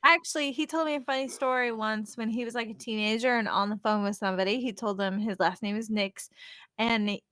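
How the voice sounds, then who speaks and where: A woman's voice: fairly high pitch, fairly even intonation, a little fast, fairly bright tone, dry recording. A middle-aged woman telling stories in a casual chat and laughing often. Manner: giggly storyteller, laughs often.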